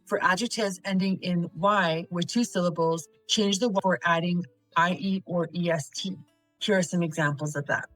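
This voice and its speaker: A woman's voice: lowish voice, fairly even intonation, moderate pace, a bit bright, no room sound, soft background music, rough recording. A woman teaching a recorded video lesson on essay writing, methodically reading example sentences aloud and quizzing the viewer before giving the answers.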